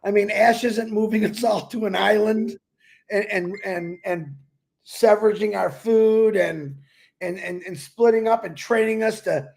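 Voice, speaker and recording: A man's voice: high-pitched, steady tone, measured pace, gravelly, darkish tone. An older retired man with a congested voice, talking in an easygoing, reflective way on a pre-recorded show and laughing now and then. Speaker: co-host. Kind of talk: pre-recorded casual talk.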